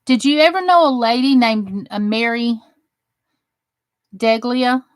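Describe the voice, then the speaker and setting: A woman's voice: on the high side, lively intonation, a little slow, dry recording. A woman from New Jersey hosting a crafting livestream, chatting casually and greeting viewers by name as she works. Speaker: crafting channel host.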